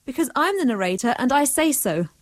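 A woman's voice: sits high, sing-song, brisk, no echo. A woman, narrating a comic story and bossing her characters around, sounding exasperated. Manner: bossy, exasperated.

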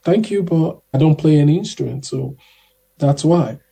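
A man voicing a chatty older gentleman in his sixties who keeps pushing and coaxing. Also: fairly high pitch, expressive, moderate pace, gravelly, slightly rough, full character voice. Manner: eager, pushy, coaxing.

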